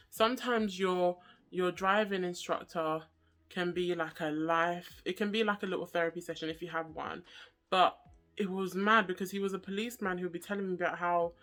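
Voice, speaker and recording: Woman, twenties, vlogger, casual storytime, chatty, animated, bright crisp voice. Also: fairly low pitch, moderate pace, faint music behind. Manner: chatty and animated, jokey, with slang and asides.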